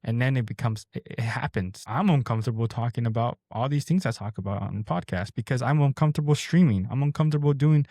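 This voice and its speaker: A man's voice: medium pitch, fast, hardly any pauses, mellow, dry recording, studio quality. A man in his twenties hosting a podcast, delivering a blunt, straightforward motivational monologue into a camera mic. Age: 20s. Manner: blunt, straightforward, pep-talking. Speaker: podcast host.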